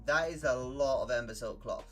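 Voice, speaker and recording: A man's voice: medium pitch, normal speed, a bit bright, soft background music. A young man chatting casually on a game stream, laughing often and swearing freely. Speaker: live-streaming gamer.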